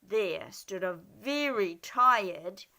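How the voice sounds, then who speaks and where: A woman reads a children's picture book aloud, taking her time and making the words expressive and animated. Her voice is bright and clear, and it swings up and down in pitch. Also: very slow. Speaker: storyteller.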